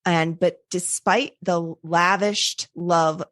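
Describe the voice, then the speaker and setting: Podcast host lady reading an old ghost story, kinda low voice, dry close sound, chatty side comments. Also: fairly even intonation, slow, fairly bright tone, dry recording. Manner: reads aloud with chatty asides.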